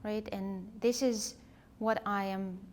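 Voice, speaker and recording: A woman leadership coach and author, speaking as an interview guest in a thoughtful, heartfelt way, often pausing to search for words. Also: medium pitch, steady tone, slight background noise. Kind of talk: reflective conversational interview.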